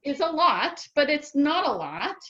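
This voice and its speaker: A woman guest telling her own story in a casual interview, lively and enthusiastic, with many "um"s. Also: high-pitched, a little slow, a crowd in the background. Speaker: patient guest. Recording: slightly dull lo-fi audio.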